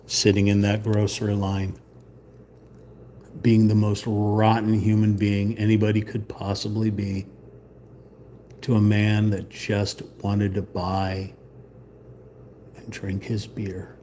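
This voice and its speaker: A man chats casually while painting on a live stream, drifting into sarcastic, mock-indignant rants. His voice sits low and mellow, and he takes his time with every phrase. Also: completely flat delivery, slow pace, long pauses, a little hiss or hum. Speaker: channel host.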